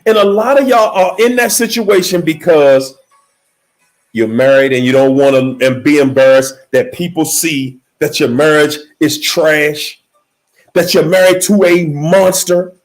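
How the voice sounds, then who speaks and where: A man giving a motivational speech in an emphatic, repetitive preaching cadence, slowing down to stress key words, with faint music behind. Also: high voice. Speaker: motivational speaker.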